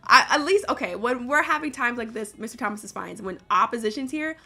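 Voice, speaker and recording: A woman's voice: on the high side, animated, a little fast, vocal fry, bright, forceful tone. A young adult woman hosting a stream, telling blunt, profane stories in casual chat. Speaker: streamer and debate host.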